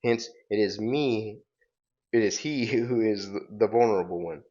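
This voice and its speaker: A man's voice: fairly low pitch, measured pace, dark tone, lo-fi sound, lightly acted. A man reading as a boastful robot villain. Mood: menacing. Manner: grandiose, menacing declarations read aloud. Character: boastful male robot villain, cold, grandiose. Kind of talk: casual comic book reading.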